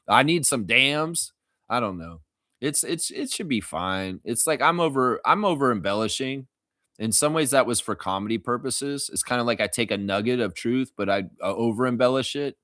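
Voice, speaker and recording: A man's voice: medium pitch, lively intonation, moderate pace, bright, forceful tone, no echo, studio quality. A man hosting a casual live stream, reading chat comments and rambling with jokes and laughter.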